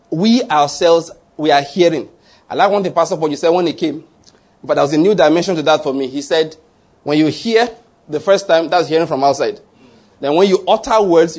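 Male pastor, husky voice, slightly high pitch, slow emphatic preaching. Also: darkish tone. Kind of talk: sermon.

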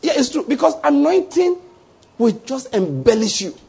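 A Nigerian man preaching a sermon as pastor, lively and conversational, acting out small voices and often checking that the listener follows. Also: very high voice, moderate pace, vocal fry, husky.

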